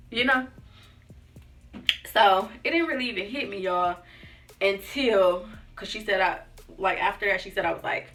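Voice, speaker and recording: At a moderate pace broken by long pauses, a young lifestyle vlogger with a medium-pitched, slightly bright voice tells a personal story. She keeps it casual and chatty, acting out others' words and using "like" and "y'all" often. She's recorded from a distance, a bit off-mic, over faint music.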